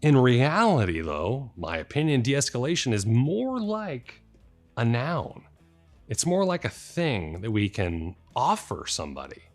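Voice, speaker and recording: A man's voice: mid-range voice, very animated, unhurried, soft background music. A man who works as a police officer, explaining his work to the camera in a plain-spoken, conversational way with a light joking touch.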